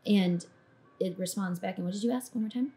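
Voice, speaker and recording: A woman narrating a tabletop game as dungeon master, in descriptive, sometimes halting narration. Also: mid-range voice, mellow.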